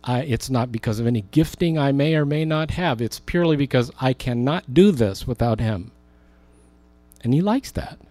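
A man preaching a sermon as a pastor, rising for emphasis and slowing down on key words. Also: medium pitch, animated, darkish tone, no room sound.

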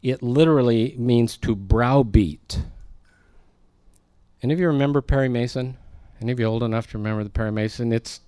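A man's voice: medium pitch, a little fast, dark tone, clean tone, no echo. A man preaching a verse-by-verse sermon in a conversational way, with joking asides to his congregation. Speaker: pastor. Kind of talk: expository sermon.

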